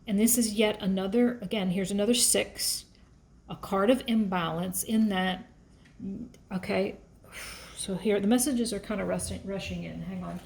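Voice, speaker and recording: A woman's voice: medium pitch, normal speed, vocal fry, a little mellow. A woman giving a casual, emotional tarot reading, thinking aloud as she shuffles and pulls cards. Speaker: tarot reader.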